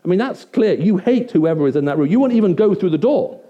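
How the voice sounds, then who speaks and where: A fast-talking man with a high, animated voice gives a sermon in a hall before about a hundred people. His tone is conversational, and he frequently checks in by asking whether they follow. Sound quality is dull and lo-fi.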